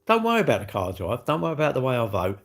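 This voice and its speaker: A man's voice: mid-range voice, racing, vocal fry. Chatty British man rambling on a livestream. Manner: rambling, animated, chatty with slang. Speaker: livestreamer answering chat. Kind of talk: casual live-stream chat.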